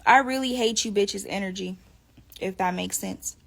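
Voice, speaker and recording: Gravelly-voiced woman telling a profane story. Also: medium pitch, normal speed. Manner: profane, animated, laughs often. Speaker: live streamer talking to viewers. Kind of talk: casual storytelling.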